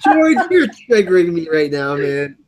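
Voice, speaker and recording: A man hosting a casual livestream chat, excitable and rambling, often repeating his words. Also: on the high side, moderate pace. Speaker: livestream host.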